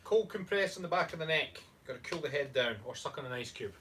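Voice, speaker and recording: A man's voice: on the high side, animated, quick pace, a bit bright. A Scottish man co-hosting a casual chat, playful and jokey. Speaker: co-host, fitness coach. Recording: distant mic, faint room noise.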